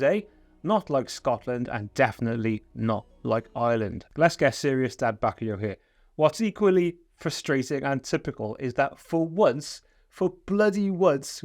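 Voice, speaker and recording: A man's voice: on the high side, no echo, clean studio sound. A Welsh man hosting film commentary, sarcastic and profane, mocking the film. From Wales. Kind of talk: sardonic commentary.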